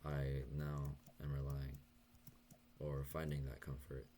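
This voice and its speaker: A young man talking softly and hesitantly in a late-night confessional vlog, stuttering and pausing as he goes. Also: very deep voice, monotone, a little hiss or hum. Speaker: vlogger.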